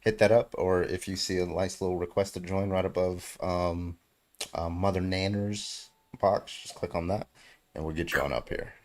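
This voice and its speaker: Low male streamer, relaxed host, swears casually. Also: moderate pace. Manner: laid-back, swearing, chuckling. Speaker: livestream debate host. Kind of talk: casual livestream chat.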